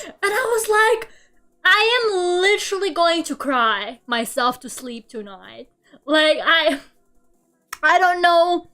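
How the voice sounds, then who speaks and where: A woman's voice: extremely high pitch, animated, slow, sharp tone, faint music behind. A young woman streamer chatting casually while she draws, rambling through a story full of fillers and frequent laughs. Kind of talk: casual livestream chat while drawing.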